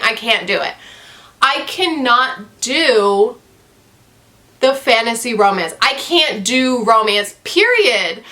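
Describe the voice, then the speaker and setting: Bright, emphatic young woman ranting. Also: fairly high pitch. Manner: exasperated, crude and emphatic, repeating herself. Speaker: book reviewer. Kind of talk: casual rant to camera.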